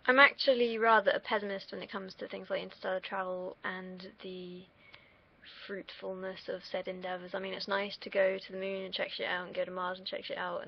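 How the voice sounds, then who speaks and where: Gravelly young woman rambling. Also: fairly low pitch, slight background noise. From United Kingdom. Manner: rambling, candid, swears freely. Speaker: streamer. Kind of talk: casual solo livestream chat. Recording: dull lo-fi mic.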